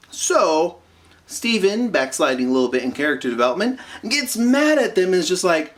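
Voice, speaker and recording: Guy rambling thru an episode recap, lots of ums n side notes, bouncy pitch all over. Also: very animated. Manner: rambling, many asides and fillers; acts out characters' lines in quick impressions. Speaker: episode reviewer.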